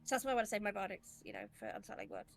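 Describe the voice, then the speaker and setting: A woman playing a tabletop role-playing game, talking in a hesitant, rambling, excitable way. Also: mid-range voice, racing, vocal fry, soft background music. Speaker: player. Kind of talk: casual tabletop game chat.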